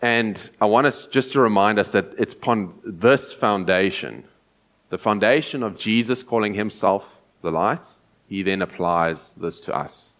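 A man preaching a sermon in a fairly low voice. He talks earnestly and repeats his key phrases to drive each point home. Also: measured pace, fairly bright tone.

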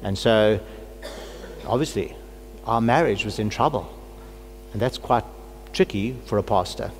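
Earnest pastor preaching in a reverberant hall. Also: male voice, lowish voice, measured pace. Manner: earnest, personal preaching with rising fervent prayer. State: has a cold. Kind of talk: sermon. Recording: long hall reverb, faint hum.

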